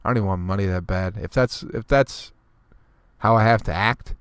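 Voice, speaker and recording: A man with a low voice rants through a solo comedy podcast, swearing constantly and sounding fed up. He drops into a snooty clipped mimicry for people who annoy him. The recording is close and dry, with no room sound. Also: normal speed, clear, resonant tone, no room sound. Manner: profane, exasperated, ranting. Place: on tour, recording alone.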